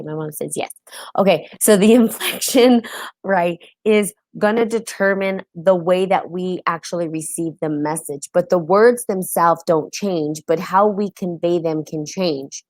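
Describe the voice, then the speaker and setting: A woman with a lowish voice talks casually on a live stream, checking in with her listeners and greeting people mid-thought. The sound is close and dry, with no room around it. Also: dry recording. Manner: chatty, often adds "right?" and greets viewers mid-talk. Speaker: host of a live-streamed spiritual talk show.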